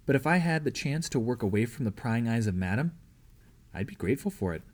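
A man narrating a historical novel as an audiobook reader, steady and measured. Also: mid-range voice.

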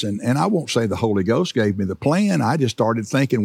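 Middle-aged preacher, gravelly, dry close sound, conversational, hammers key words. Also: male voice, mid-range voice, sing-song, brisk, few pauses, a little mellow, no echo. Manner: conversational, repeats words for emphasis. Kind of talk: sermon.

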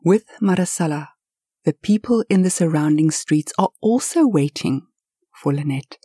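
A woman tells a story with lively, expressive swells. Her voice sits fairly low, with a dark, slightly husky tone. The sound is close and dry. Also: normal speed, no echo. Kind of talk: told story narration.

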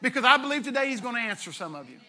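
Male pastor, high and bright voice, chatty sermon delivery with jokey asides. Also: big pitch swings, racing. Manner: conversational, retells scripture with playful asides.

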